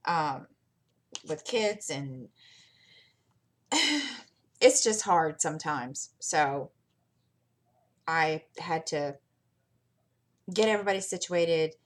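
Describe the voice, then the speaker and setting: A woman's voice: sits low, lively intonation, extremely slow, pauses often. A middle-aged woman hosting her channel, chatting casually and telling rambling stories while she works on a craft. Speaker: channel host.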